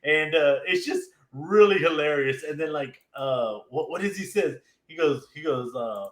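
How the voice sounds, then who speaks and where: A man's voice: on the high side, animated, normal speed, few pauses, a bit bright, echoey room. A man casually recapping an anime episode, retelling scenes with laughs and little acted-out quotes. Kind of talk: casual chat.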